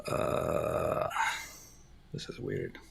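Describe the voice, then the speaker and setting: Playful excitable male co-host. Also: very slow, a little hiss or hum. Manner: playful, excitable, repeats himself. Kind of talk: casual livestream chat.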